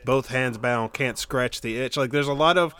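A man's voice: medium pitch, normal speed, a bit bright, smooth. A man co-hosting a music podcast, chatting casually and rambling through many fillers and restarts. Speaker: podcast co-host. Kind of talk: casual chat about music.

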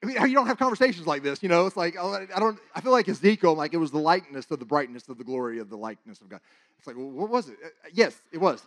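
Higher-voiced man preaching a testimony. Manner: animated, halting with many restarts, dropping to a hush at tense moments. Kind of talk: sermon testimony storytelling.

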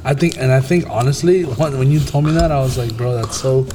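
A man hosting a casual faith discussion, talking in a halting way with many fillers and restarts. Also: medium pitch, big-room sound, a little hiss or hum.

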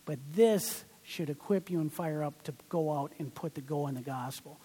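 Preaching man, mellow, in a reverberant hall. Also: fairly high pitch, normal speed, husky. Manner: animated storytelling, acts out little dialogues. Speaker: pastor. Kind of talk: sermon.

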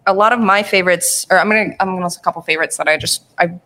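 A woman's voice: on the low side, rapid-fire, bright, forceful tone. A woman co-hosting a podcast, talking in a chatty, loose way with fillers. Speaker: podcast co-host. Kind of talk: casual chat.

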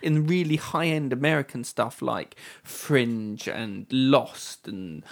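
A podcast co-host in excitable, casual chat. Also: medium pitch, slow, vocal fry.

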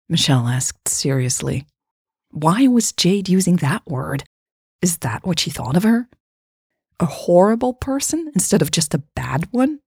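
A woman narrating a story in a measured, even reading. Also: fairly low pitch, breathy edge, no room sound, clean studio sound.

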